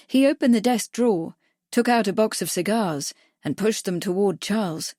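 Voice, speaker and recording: A woman reading a mystery audiobook aloud with measured, steady narration. Her voice sits at a middle pitch and is recorded close and dry, with no room around it. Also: no echo. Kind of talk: scripted narration.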